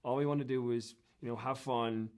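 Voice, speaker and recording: A man's voice: medium pitch, fairly even intonation, a little fast, darkish tone. An Irish man, a guest in an interview, telling casual stories in a rambling way with many fillers and restarts. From Ireland. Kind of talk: casual anecdotal storytelling.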